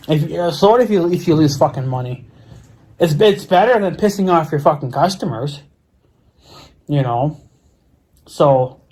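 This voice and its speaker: A man's voice: sits high, darkish tone. A middle-aged man ranting casually on his vlog, swearing often and stumbling over his words. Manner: profane, exasperated, repeats himself and stumbles over words. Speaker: vlogger. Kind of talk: casual angry rant. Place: at home, near his mower and four-wheeler.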